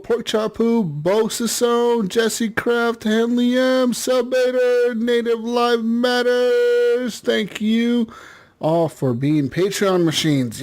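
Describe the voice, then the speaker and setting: A man hosting a gaming podcast in casual chat, joking, laughing often and swearing freely. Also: high-pitched. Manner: laughing, swearing, loose and jokey. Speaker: podcast host.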